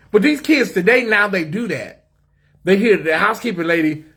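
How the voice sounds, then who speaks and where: A man's voice: high voice, big pitch swings, measured pace, long pauses, a bit bright, slightly rough. An American man hosting a live stream from a hotel suite, sassy and chatty, talking straight to his viewers in the comments. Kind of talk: casual live-stream chat.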